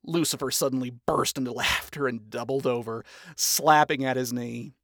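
A narrator reading fan fiction aloud in an expressive, storytelling manner. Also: mid-range voice, moderate pace, dry recording.

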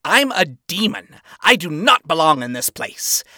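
A scornful radio demon, played by a male reader, whose bright voice leaps up and down with disdain. He sneers and questions in disbelief. The reading is dry and close. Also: fairly high pitch, sing-song, a little slow, dry recording, exaggerated voice. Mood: exasperated. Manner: disdainful and incredulous. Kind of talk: fan fiction reading.

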